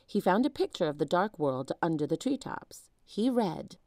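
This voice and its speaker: A woman reading a children's chapter book aloud in an expressive storytelling manner. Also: on the low side, moderate pace, hardly any pauses, no room sound, studio quality. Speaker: storybook reader.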